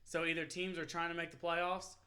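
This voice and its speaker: Young male podcast co-host, higher voice, swears and laughs through rambling stories. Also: a little fast. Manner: profane, laughing, animated storytelling. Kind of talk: casual sports podcast banter.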